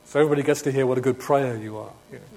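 A man preaching a sermon, swinging between emphatic proclamation and hushed reflection, often asking his listeners rhetorical questions. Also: medium pitch, steady tone, very fast, gravelly. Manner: asks rhetorical questions of the congregation.

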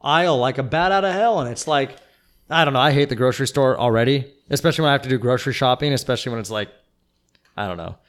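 A man's voice: medium pitch, fast talker, a bit bright. A young man chatting casually on a podcast, venting and rambling with lots of fillers. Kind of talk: casual chat.

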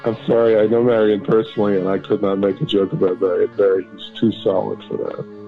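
A man's voice: lowish voice, flat delivery, fast, vocal fry, narrow, tinny audio, over music. A man, a former congressman, chatting as a podcast guest and telling jokey stories with asides. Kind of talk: casual podcast banter.

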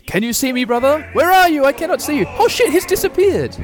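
A man's voice: very high-pitched, lively intonation, fairly quick, a little hiss or hum, pitched above the performer's own voice. A man voicing a frightened, whimpering male dwarf smith in a squealing, pleading voice. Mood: panicked.

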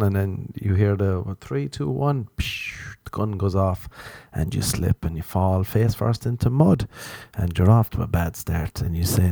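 A man's voice: low-pitched, creaky, mellow, husky, dry recording. A man from Ireland hosting a solo comedy podcast from his apartment, rambling through self-mocking jokes and tangents. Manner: self-mocking, meandering, jokey asides. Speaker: podcast host.

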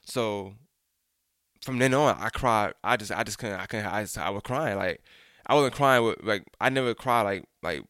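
A man's voice: lowish voice, normal speed, fairly bright tone, dry recording, clean studio sound. A young man telling a personal story in a frank, casual way, swearing freely and speaking straight to his listeners. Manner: frank, profane, addresses listeners directly.

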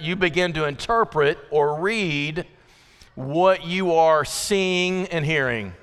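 A middle-aged man preaches in a church, his voice set high for a man and smooth and resonant. He talks in a relaxed, storytelling way and slips into acted asides. A long reverb trails his words through the hall. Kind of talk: sermon. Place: church sanctuary.

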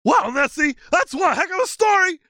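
A man doing squeaky excitable Sasquatch. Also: moderate pace, dry recording, studio quality, exaggerated voice. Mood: excited. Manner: gasping, gullible exclamations. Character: Sasquatch, male, excitable and slow on the uptake. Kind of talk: comedic bit in a podcast.

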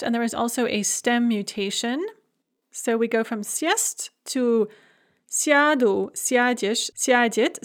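Methodical woman teaching verb forms. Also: fairly high pitch. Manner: clear, methodical, drilling word forms in lists. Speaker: language teacher. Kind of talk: recorded grammar lesson.

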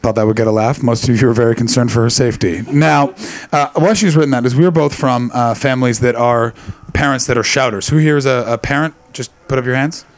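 A man's voice: medium pitch, fast talker. A man in his late twenties doing stand-up crowd work, brash, profane and teasing. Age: late 20s. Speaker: stand-up comedian.

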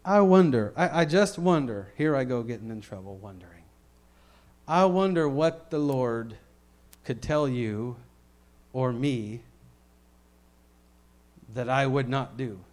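A middle-aged man preaching a sermon in a conversational, animated way, swinging between loud declarations and quiet asides. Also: medium pitch, slow, pauses often.

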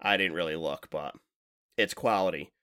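Bright and forceful in tone, a low-voiced man co-hosting a podcast rambles and swears through casual conversation, laughing often, at normal speed. The studio-quality recording has no room sound.

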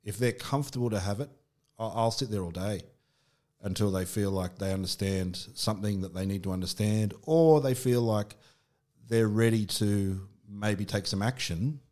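A middle-aged man with an Australian accent speaks in a somewhat low voice. He talks candidly in a relaxed podcast chat and often restarts his sentences. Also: moderate pace. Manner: candid storytelling with frequent restarts and fillers. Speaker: podcast guest. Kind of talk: casual conversation.

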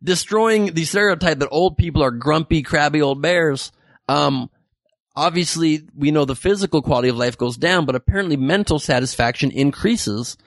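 A man's voice: on the high side, moderate pace, no echo, clean studio sound. A man in casual chat, joking and teasing as a podcast co-host.

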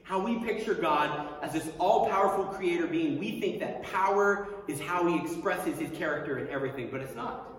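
A man's voice: fairly high pitch, normal speed, few pauses. Man preaching in an echoey hall. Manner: acts out quoted voices with lively swings. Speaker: pastor. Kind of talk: sermon. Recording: very echoey hall, mic far off.

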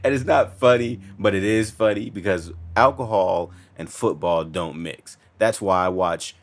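A man with a very low voice co-hosts a relaxed talk show. He jokes around loosely and repeats himself for emphasis. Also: measured pace. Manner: loose and joking, repeats words. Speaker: co-host. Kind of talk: casual radio chat.

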